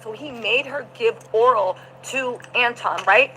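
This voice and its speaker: Emphatic woman streamer, bright high voice, faint hum behind. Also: moderate pace, poor audio. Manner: animated, emphatic, talks to chat. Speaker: vlogger recapping a trial. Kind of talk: livestream commentary.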